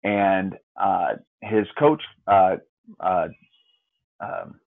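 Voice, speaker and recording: A man's voice: low-pitched, steady tone, extremely slow, vocal fry. A middle-aged man, a hockey player's parent, telling a story in conversation with lots of restarts, acting out other people's lines. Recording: tinny phone-line sound.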